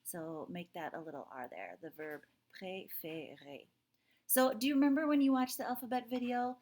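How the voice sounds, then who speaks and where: A woman teaching a French lesson to her students. She talks to them directly, often checks in with "okay?", and draws sounds out slowly to model them. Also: medium pitch, a little mellow. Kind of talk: recorded classroom lesson.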